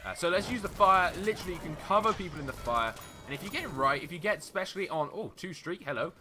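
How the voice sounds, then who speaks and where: A young man giving casual, rambling commentary over his own gameplay, full of fillers and sudden excited outbursts. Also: high-pitched, fast talker, noisy background. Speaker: gaming video host.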